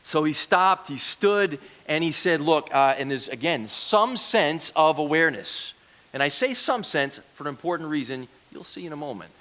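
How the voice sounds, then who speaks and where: A man's voice: a little high, expressive, normal speed, hardly any pauses, fairly bright tone. A man giving a conversational sermon as a guest preacher, asking the congregation questions. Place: church.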